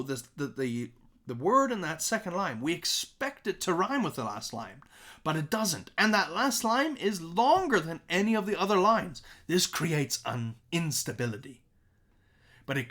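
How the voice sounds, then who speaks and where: A man teaching songwriting in a recorded lesson, his pitch leaping up and down as he explains. He chants simple rhymes to make his points and checks in often with "okay?" and "right?". His voice sits a little above the usual male range. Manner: animated, chanting rhymes as examples. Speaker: music teacher.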